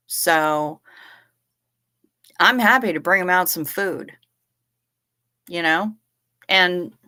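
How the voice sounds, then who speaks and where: A woman's voice: deep voice, pushed and bright. A woman hosting a live stream, chatting casually in a joking, profane way while reading viewer comments. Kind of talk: casual chat.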